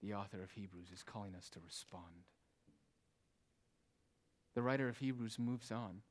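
A man's voice: on the low side, normal speed. A man preaching a sermon, asking rhetorical questions and dropping in casual asides as he explains the text. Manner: emphatic, rhetorical questions, shifts between loud and hushed delivery.

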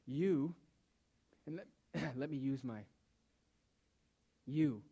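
A man preaching a sermon who speaks with emphasis, asks pointed rhetorical questions and lets his phrases trail off softly. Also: mid-range voice, extremely slow, creaky, husky, highs cut off.

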